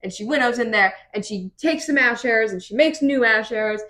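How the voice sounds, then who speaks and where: A young woman with a slightly high voice recaps a novel chapter by chapter. She talks in quick, animated bursts, full of "um"s and asides, and sounds like she is chatting casually with friends. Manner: animated, quick storytelling with many fillers. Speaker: podcast co-host. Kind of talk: casual book recap chat.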